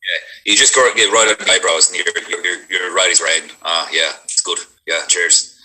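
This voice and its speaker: A man's voice: low voice, fairly even intonation, moderate pace, pushed and bright, poor audio. A man, an actor, chatting casually and rambling about doing accents, with lots of fillers. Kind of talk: casual chat.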